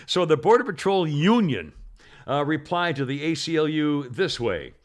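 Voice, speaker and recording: A man hosting a podcast, chatting about the news in a rambling, halting way with frequent laughs. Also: on the high side, sing-song. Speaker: podcast host. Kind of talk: casual political chat.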